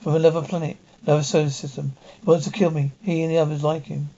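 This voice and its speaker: A man's voice: a little high, little pitch movement, fast, dark tone. An actor playing a tense, driven man hunted through time in a 1960s TV drama, speaking urgently and insistently. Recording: dull lo-fi 1960s TV soundtrack.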